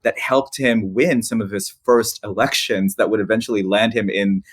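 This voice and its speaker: A man in his forties from the Philippines, a podcast guest telling personal stories in a lively, restart-filled way with frequent laughs. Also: lowish voice, normal speed, dry recording. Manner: animated, laughs often, many restarts. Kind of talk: casual storytelling interview.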